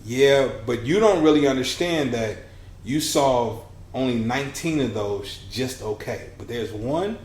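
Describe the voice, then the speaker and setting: A man in his thirties, a podcast guest and business coach, telling his story in a lively conversational way and acting out the dialogue he quotes. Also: medium pitch, unhurried. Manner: animated, acts out quoted dialogue. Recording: roomy with faint hiss.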